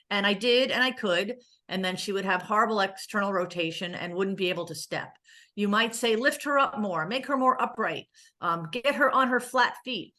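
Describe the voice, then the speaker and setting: A woman therapist speaking at a conference, her voice sitting a little low yet coming across bright and forceful. She talks in a loose, conversational way, dropping in jokes and plenty of "um" fillers as she goes. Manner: conversational with joking asides and frequent fillers. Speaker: pediatric therapist giving a conference talk. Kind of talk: conference presentation.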